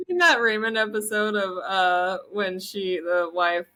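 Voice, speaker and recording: A married woman co-hosting a casual podcast with her sister, giggly and animated as she retells scenes. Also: mid-range voice, takes it slowly. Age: adult, married. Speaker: podcast co-host. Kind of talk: casual chat.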